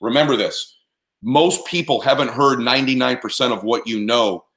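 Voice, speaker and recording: A performance coach, appearing as an interview guest, gives punchy, emphatic motivational advice and frequently checks that listeners are following. His voice is medium-pitched and a bit bright, at a normal speed.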